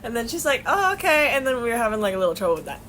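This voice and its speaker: A young woman with a high voice tells a story in a casual vlog, rambling and swearing as she goes, laughing often. A faint hiss sits under the recording. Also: animated, very fast, a bit bright. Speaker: vlogger.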